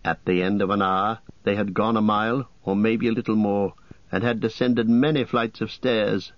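A man's voice: on the low side, no echo. Man narrating an audiobook on cassette. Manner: steady, measured reading. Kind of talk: scripted narration. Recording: dull lo-fi cassette.

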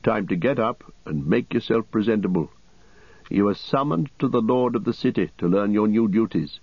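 A man's voice: lowish voice, animated, moderate pace, breathy edge, dry recording, dull audio. A man doing a stern, firm old wizard.

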